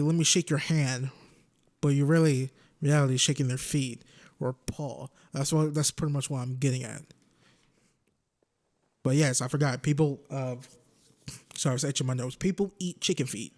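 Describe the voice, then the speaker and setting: A man's voice: mid-range voice, darkish tone. A man in his twenties rambling and joking as he commentates a video game. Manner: rambling, joking, talks to himself. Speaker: gaming YouTuber.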